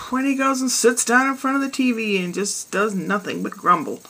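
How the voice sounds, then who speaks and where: Husky-voiced woman telling a joke. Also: a little high, lively intonation, moderate pace, sharp tone, low-quality recording. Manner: chatty storyteller. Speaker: host of a weekly joke segment.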